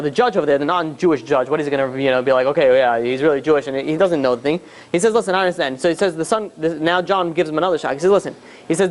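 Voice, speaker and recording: A man's voice: a little high, darkish tone. A man, a rabbi, telling a story to a class and acting out the dialogue with lots of restarts.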